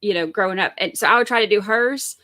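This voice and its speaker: A woman's voice: medium pitch, quick pace, sharp tone. A woman with a Southern US accent, hosting trial commentary and telling stories in a chatty, casual way. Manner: chatty, storytelling. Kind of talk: casual chat.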